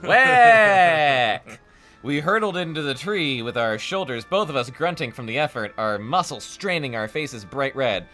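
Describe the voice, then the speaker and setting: A man reading a book aloud on a podcast, sarcastic and loud in the dialogue lines. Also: animated, normal speed, hardly any pauses, soft background music. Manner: sarcastic, shouts character lines in a high voice. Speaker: podcast host. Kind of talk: casual reading aloud with jokes.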